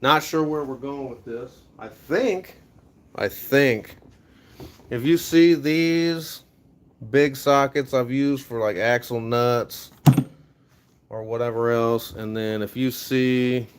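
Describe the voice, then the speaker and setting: A young American man live-streaming from his home garage, chatting casually with viewers and giving rambling, upbeat pep talks while he sorts tools. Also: mid-range voice. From USA. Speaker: livestreaming garage vlogger.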